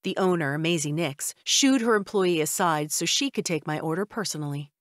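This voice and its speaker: A woman's voice: low voice, expressive, normal speed, no room sound, studio quality. A woman narrating a first-person audiobook in a wry, conversational way.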